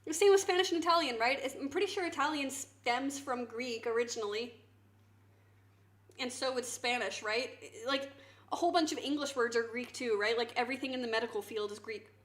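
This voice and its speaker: High-voiced woman chatting on a live stream. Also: a little fast. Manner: animated, swings to loud mock outrage, swears. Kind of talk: casual live-stream chat. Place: home kitchen.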